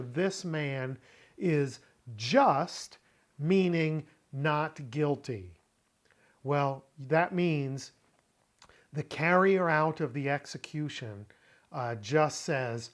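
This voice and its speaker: A man hosting a teaching show on Bible Greek, talking slowly and deliberately, with pauses, fillers and throat clearing. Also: a little high. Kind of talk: unscripted teaching talk.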